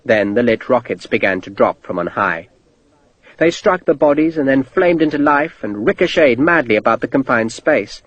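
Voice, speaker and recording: A man narrating an audiobook in a steady, vivid storytelling manner. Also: medium pitch, normal speed, no echo, muffled recording. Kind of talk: scripted narration.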